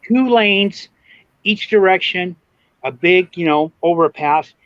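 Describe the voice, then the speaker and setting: A man co-hosting a podcast, telling a story in an animated way and swearing freely. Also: high voice, slow, no room sound, dull audio. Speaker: podcast co-host. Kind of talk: casual storytelling.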